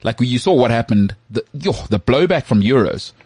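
Husky-voiced man chatting about football. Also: medium pitch, no room sound. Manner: animated, jokey, does quick impressions of others. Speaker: podcast co-host. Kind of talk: casual sports chat.

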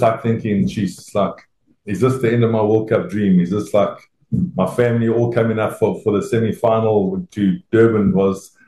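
South African man telling a story. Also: fairly low pitch. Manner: animated, self-deprecating, acts out quoted voices. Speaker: former rugby player. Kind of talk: anecdotal storytelling. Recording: roomy echo.

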